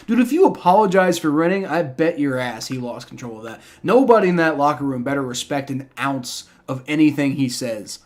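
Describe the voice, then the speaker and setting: A man live-streaming a game reaction, ranting in exasperation with heavy profanity and frequent stammering restarts. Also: on the high side.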